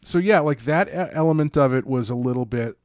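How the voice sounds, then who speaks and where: A man co-hosting a casual film podcast, talking in halting bursts with restarts and dry jokes. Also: medium pitch, a little mellow, dry recording. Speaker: podcast co-host.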